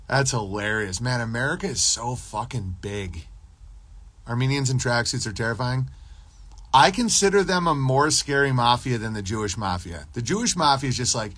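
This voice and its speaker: A man's voice: mid-range voice, sing-song, normal speed, a bit bright, breathy edge. A man talking loosely and profanely on his podcast livestream, rambling between topics and answering chat messages. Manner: profane, loose, rambling, drops into mocking impressions. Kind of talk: casual rambling livestream monologue.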